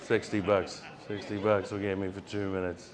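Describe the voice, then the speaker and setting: Animated stand-up comedian, man. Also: low-pitched, normal speed, over a noisy crowd, very noisy. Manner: animated, acts out scenes and builds to shouting. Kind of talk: stand-up storytelling. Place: comedy stage before a live audience.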